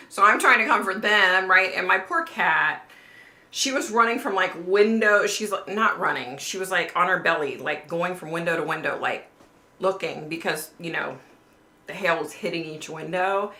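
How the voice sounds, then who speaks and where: A middle-aged woman chats with her livestream viewers in a loose, rambling way, swearing freely and dropping "like" everywhere. Her voice sits low with a gravelly fry and a bright, sharp edge. The sound bounces around an echoey room. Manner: rambling, chatty, swears freely, peppers speech with "like". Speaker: psychic livestream host. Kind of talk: casual livestream chat with viewers.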